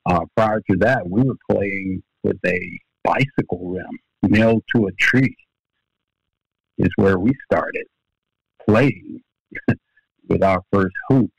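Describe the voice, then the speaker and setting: His voice sits low, husky and touched with vocal fry: an older man from Louisiana who used to play and coach basketball. In a podcast interview recorded from his home office, he tells stories at an unhurried pace, with lots of fillers and restarts. The remote sound is dull, lo-fi and dry, with no echo.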